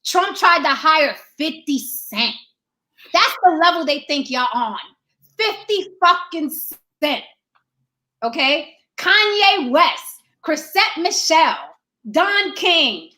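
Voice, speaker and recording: With an extremely high, sharp-toned voice, this podcast host delivers an opinionated discussion. She's emphatic and profane, repeating rhetorical questions to press her point.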